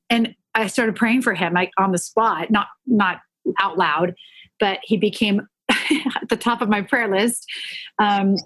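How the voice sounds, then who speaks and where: A woman guest telling earnest faith stories in a podcast conversation, animated and full of restarts. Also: on the high side, moderate pace, dry recording. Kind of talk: faith-based conversational storytelling.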